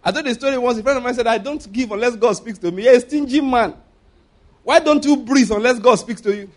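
A Nigerian-accented man delivers a lively sermon in a notably high voice. He fires rhetorical questions at his listeners and chuckles often as he makes his points. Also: fast. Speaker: preacher.

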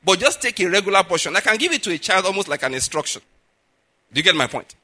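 Male pastor, middle-aged, high and sharply bright voice, emphatic sermon delivery. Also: very animated, quick pace. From Nigeria. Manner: emphatic, rises in pitch and volume to stress points.

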